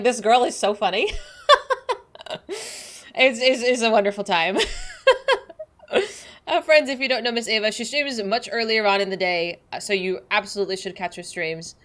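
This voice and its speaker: A young woman streaming a game, chatting bubbly and giggly with her viewers. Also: medium pitch. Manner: bubbly, giggly, greets chat warmly. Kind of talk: casual livestream chat.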